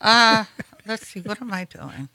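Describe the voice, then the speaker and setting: Bright-voiced middle-aged woman co-host. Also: medium pitch, animated, unhurried, dry recording, low-quality recording. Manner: brief, easygoing replies. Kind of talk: casual talk show banter.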